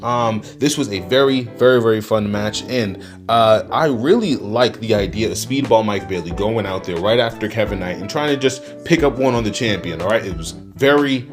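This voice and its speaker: A man giving a rambling, profane, excitable wrestling review, often laughing at his own points. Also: fairly low pitch, normal speed, few pauses, soft background music. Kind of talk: casual review monologue.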